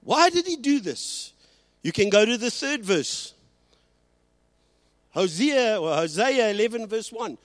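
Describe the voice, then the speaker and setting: Animated male preacher. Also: high voice, no echo. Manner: switches between Afrikaans and English, slows and rises for emphasis. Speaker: pastor. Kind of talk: sermon.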